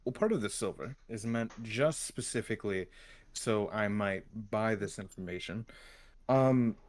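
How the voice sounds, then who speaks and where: Low-voiced man playing his character politely. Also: measured pace. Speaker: player. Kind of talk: tabletop role-play.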